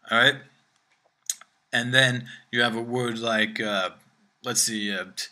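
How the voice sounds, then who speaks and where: A man teaching a language lesson, checking in with "all right?" after nearly every phrase and slowing down to demonstrate words. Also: medium pitch, bright, forceful tone.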